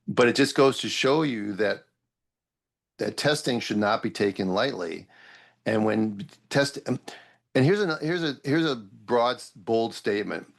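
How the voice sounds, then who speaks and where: A man's voice: mid-range voice, animated, measured pace, vocal fry. A middle-aged male doctor, a guest on a podcast, explaining his views in an opinionated way and listing questions a patient should ask. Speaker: obstetrician guest. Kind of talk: podcast interview.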